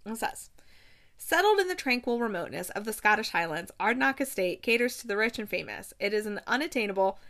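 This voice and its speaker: Bright-voiced gushing young woman. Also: mid-range voice, a little fast. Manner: gushing, excitable, rambling with restarts. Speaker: book reviewer. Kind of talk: casual monthly wrap-up chat.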